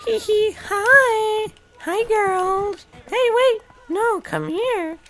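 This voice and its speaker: A man voicing a giggly, squeaky-voiced prankster character who teases in a sing-song way. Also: extremely slow, a bit bright, full character voice.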